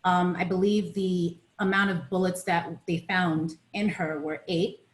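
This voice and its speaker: A woman on a video call, recounting events to an online group with frequent pauses and fillers. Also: fairly low pitch, steady tone, echoey room. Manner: hesitant, many fillers and restarts. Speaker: presenter on a panel. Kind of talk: reading a timeline to an online group.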